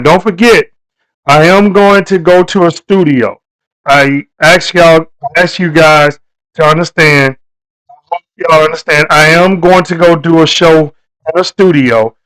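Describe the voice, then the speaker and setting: Animated man hosting a live stream. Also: on the high side, poor audio. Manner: loose, repetitive, preachy delivery addressing viewers. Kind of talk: casual live stream talk.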